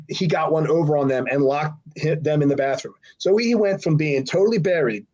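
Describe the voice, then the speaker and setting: A man's voice: on the high side, a little mellow. Middle-aged guy rambling through an old road story, doing everyone's voices, kinda dull lo-fi sound. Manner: rambling, acts out quotes with voices. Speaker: podcast guest, former wrestler. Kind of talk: casual storytelling. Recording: slightly dull lo-fi audio.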